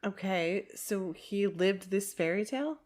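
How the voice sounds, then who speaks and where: A woman's voice: mid-range voice, measured pace, darkish tone. A woman co-hosting a podcast in casual chat, speaking hesitantly, trailing off, and laughing along. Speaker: podcast co-host.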